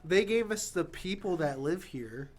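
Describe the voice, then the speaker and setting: A man's voice: high-pitched, lively intonation, measured pace. A man co-hosting a casual podcast chat, speaking hesitantly with frequent ums and uhs. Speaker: podcast co-host.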